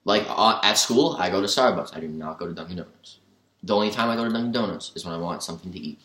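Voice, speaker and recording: A man's voice: sits low, quick pace, fairly bright tone. A young man from Massachusetts co-hosting a casual sports chat in a laid-back way. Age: young adult. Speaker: sports podcast co-host. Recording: echoey room.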